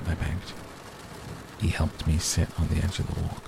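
Deep, gravelly man reading an audiobook. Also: flat delivery, moderate pace, noisy background. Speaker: narrator. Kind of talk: audiobook narration.

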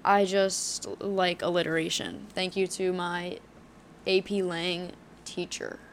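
A woman's voice: fairly low pitch, level tone, slow pace, slight background noise. A woman in her twenties hosting a solo podcast, talking candidly and heatedly, swearing often, with plenty of fillers. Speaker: podcast host.

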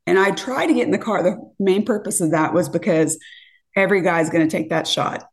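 Fifties woman telling a wild date story, animated, does all the voices. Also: brisk. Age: 50s. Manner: animated, acts out quotes with lively pitch jumps. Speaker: podcast guest. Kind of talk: casual storytelling.

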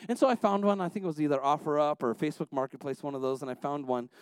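Here the preacher sounds smooth and on the high side, delivering his sermon rapid-fire in a dry recording. His family anecdotes come with many restarts, alternating soft side remarks with mounting, passionate calls to his listeners.

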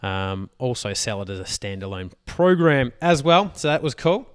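Chatty Australian man with a smooth voice. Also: mid-range voice, normal speed. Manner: chatty and animated, with filler words and playful asides. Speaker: podcast host. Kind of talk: casual podcast chat.

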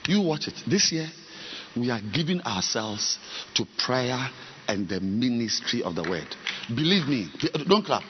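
A male pastor preaching a sermon, swinging between soft talk and sudden loud shouting. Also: mid-range voice, very animated, measured pace, muffled recording, a little hiss or hum.

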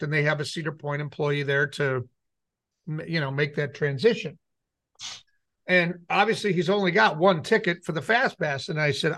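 Middle-aged man, light high voice, casual co-host who tells long anecdotes and plays out the dialogue himself. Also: sharp tone. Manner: rambling anecdote with acted-out quotes. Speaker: radio show co-host. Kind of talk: casual storytelling chat.

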